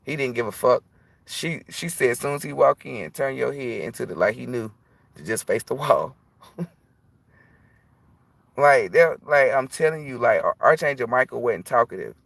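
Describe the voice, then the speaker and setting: A man's voice: mid-range voice, creaky, a bit bright, no room sound. A man who reads tarot, talking casually and bluntly on a livestream, preachy and profane. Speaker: tarot reader.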